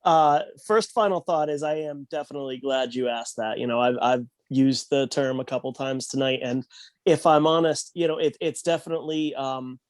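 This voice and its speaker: A man co-hosting a casual roundtable podcast, speaking earnestly and haltingly, repeating words as he goes. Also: medium pitch, steady tone, no room sound. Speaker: podcast co-host.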